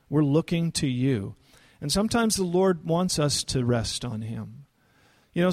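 A man's voice: on the high side, creaky. A man preaching an expository sermon in a conversational, earnest manner, lifting his voice for emphasis. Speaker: pastor.

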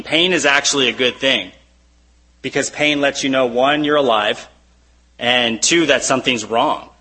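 A man's voice: mid-range voice, sharp tone, low-quality recording. A man preaching a conversational sermon to his church, reading scripture and often asking rhetorical questions. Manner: conversational, fillers like "you know", rhetorical questions. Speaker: pastor.

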